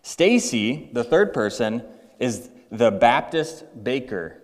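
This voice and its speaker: A man's voice: mid-range voice, big pitch swings, slow, long reverb tail. A male pastor preaching a sermon in a conversational way, acting out everyday examples. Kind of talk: sermon with storytelling.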